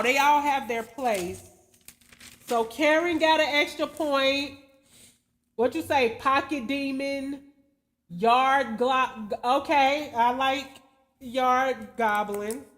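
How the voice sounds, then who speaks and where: Woman livestream host, high voice, slow and laid-back, slangy casual chat with viewers. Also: a bit bright. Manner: loose and slangy, chuckles often, spells out viewer names letter by letter.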